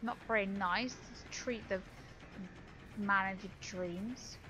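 A woman's voice: medium pitch, fairly even intonation, slow pace, music in the background. A young woman streaming a video game, swearing and taunting another player in a raging, profane way. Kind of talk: live gameplay commentary.

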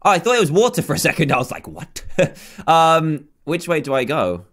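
A man's voice: fairly high pitch, animated, brisk, a bit bright. A young man commentating his own game play, chatty, self-mocking and easily flustered. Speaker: gaming YouTuber.

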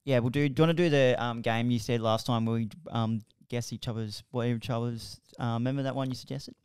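A young man in a laid-back podcast conversation who mostly gives short, easygoing replies. His voice is smooth and sits in a middle pitch. The recording is dry and close. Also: fairly even intonation, fairly quick, a little mellow, dry recording. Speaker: podcast co-host. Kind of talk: casual chat.

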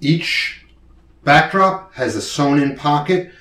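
This DIY video maker has a fairly bright, expressive voice on the high side and talks slowly, walking through each step of mounting something on the wall while mocking himself good-naturedly. It's recorded indoors in a would-be studio, with roomy echo and faint background noise.

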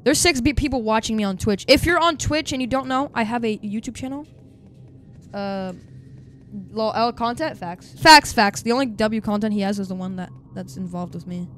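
High-voiced excitable young male streamer. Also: soft background music. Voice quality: high youthful voice. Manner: excitable, quick swings to loud outbursts. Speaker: game livestreamer. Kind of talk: casual live-stream chatter to viewers.

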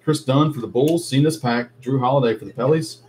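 A man's voice: mid-range voice, fairly quick, a little mellow, a little hiss or hum. A man hosting a live card break, casually rattling off player names with chatty asides and mild swearing. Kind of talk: casual live commentary while opening card packs.

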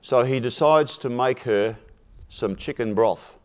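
A man speaking at a forum, telling a simple fable in a measured, deliberate way and dropping his voice for punchlines. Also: medium pitch, darkish tone, clear, resonant tone. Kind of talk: storytelling a fable in a talk.

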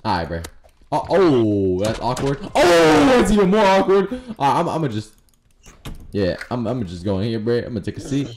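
Over a loud crowd, a gaming streamer with a lowish, expressive voice talks fairly quickly. He keeps up crude, joking commentary during an online game, mocking the other players.

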